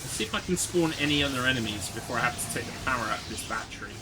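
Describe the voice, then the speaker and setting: A man's voice: mid-range voice, lively intonation, racing, loud music behind the voice. A man, giving casual commentary while streaming a game and chatting with viewers in a wry, sweary way.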